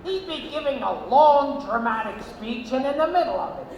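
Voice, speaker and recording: A man performing a stand-up comedy set on a casino stage, with shrill, abrupt outbursts and deadpan asides. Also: moderate pace, gravelly, lo-fi sound. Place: casino stage, live audience. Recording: echoey, noisy audience bootleg.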